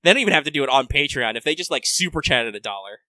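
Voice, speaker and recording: Fast-talking, animated young man. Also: mid-range voice, no echo. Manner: animated, profane, joking rants. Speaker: podcast co-host. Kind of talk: casual gaming podcast chat.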